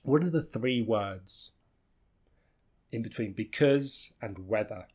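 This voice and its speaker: Male teacher, lively and husky, slow repeated modelling. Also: fairly low pitch. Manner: models phrases slowly, repeating reduced sounds. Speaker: English teacher. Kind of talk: pronunciation lesson.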